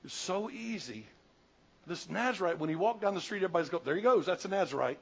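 A man in his sixties from the Southern United States, a pastor preaching a sermon, swinging from loud bursts to hushed, slow asides. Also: high-pitched, animated, gravelly, slightly rough. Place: church sanctuary. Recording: dull lo-fi church recording.

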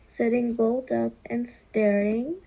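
A woman with a gravelly, husky, mellow voice reads a children's novel aloud. She takes it slowly and deliberately and stumbles now and then. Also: fairly high pitch, fairly even intonation, low-quality recording. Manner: slow, deliberate reading with occasional stumbles. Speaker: reader.

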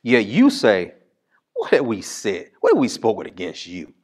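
Lively, dynamic man preaching a sermon. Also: fairly low pitch, normal speed. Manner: call-and-response preaching, sudden loud bursts and drops to near-whisper. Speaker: pastor.

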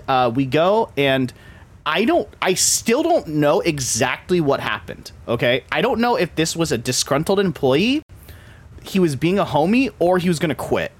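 A man hosting a podcast, telling rambling stories in casual chat with many fillers. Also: mid-range voice. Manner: rambling storyteller, heavy use of filler "like". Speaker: podcast host.

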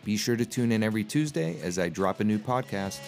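Deep-voiced male podcast host, supportive and loose. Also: lively intonation, fast, gravelly, soft background music. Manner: warm-hearted, supportive, rambling. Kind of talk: casual podcast conversation.

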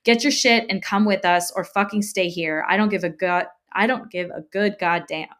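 A woman voicing a furious, protective young man who shouts and spits curses in a read-aloud story. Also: mid-range voice, fairly even intonation, normal speed, lightly acted.

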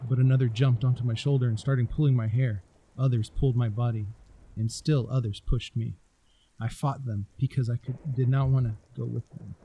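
Dark-voiced man reading a scary story. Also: mid-range voice, breathy edge, rough recording. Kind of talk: scripted narration of a scary story.

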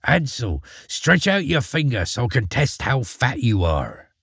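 A man's voice: mid-range voice, very animated, measured pace, fairly bright tone, husky, dry recording, clean studio sound, exaggerated voice. A man voicing a wicked, hungry old witch woman in a storybook reading, sneering and bossy. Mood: commanding.

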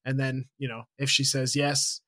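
A man's voice: medium pitch, level tone, moderate pace, sharp tone. A man co-hosting a podcast in casual chat, easygoing, mostly giving brief reactions. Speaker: podcast co-host.

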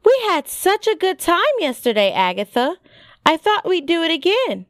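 A woman's voice: high voice, big pitch swings, slow pace, no room sound, voice pushed up, exaggerated voice. A woman voicing a vain, pretty teenage girl who talks in a sweet, cooing, coaxing way.

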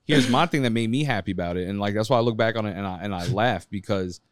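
A man's voice: fairly low pitch, quick pace, dry recording, clean studio sound. A man co-hosting a podcast in a loose, casual chat, telling stories with frequent laughter and acting out the people in them. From New York. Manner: laughing often, acts out voices in his stories. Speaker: podcast co-host.

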